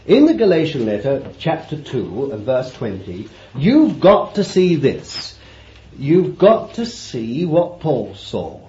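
Man, preacher, mellow voice, hushed asides and loud emphasis, dull lo-fi tape. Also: medium pitch, huge pitch swings, takes it slowly, slight background noise. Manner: dramatic swings from loud to hushed, repeats for emphasis. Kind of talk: sermon. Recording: roomy, dull old sermon tape.

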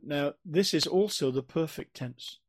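A man's voice: fairly high pitch, measured pace, no echo. A man giving an expository Bible teaching, earnest and emphatic, often repeating and restarting phrases as he explains. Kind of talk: expository sermon.

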